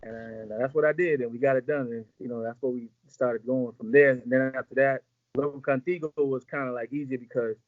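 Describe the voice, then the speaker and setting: A man's voice: medium pitch, fairly even intonation, brisk, no echo, narrow, tinny audio. A man in a casual interview, telling long rambling stories full of slang and acted-out quotes. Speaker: music executive guest.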